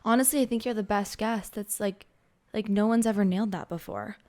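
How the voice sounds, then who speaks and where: A woman in her twenties hosting a casual podcast chat, playful and giggly, talking in quick bursts. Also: medium pitch, steady tone, darkish tone. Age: 20s. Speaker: podcast host.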